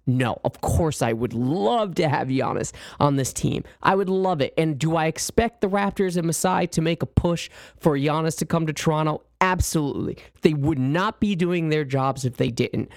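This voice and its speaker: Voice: mid-range voice, expressive, normal speed, hardly any pauses, no echo, clean studio sound. A podcast host in casual sports chat, opinionated, with apologetic asides, building to emphatic points.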